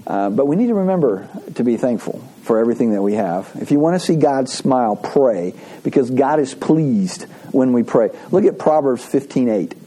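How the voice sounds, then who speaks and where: A pastor giving a conversational sermon, telling folksy stories with frequent restarts and asides. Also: male voice, mid-range voice, expressive, normal speed, hardly any pauses, warm tone, slightly rough. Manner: folksy storytelling with laughs and restarts.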